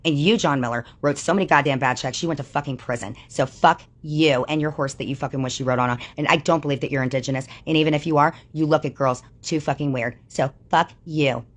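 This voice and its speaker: A woman's voice: sits low, steady tone, fast, hardly any pauses. A woman on a livestream delivering an angry, profanity-laden rant that calls people out. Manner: furious, swearing constantly, calling people out.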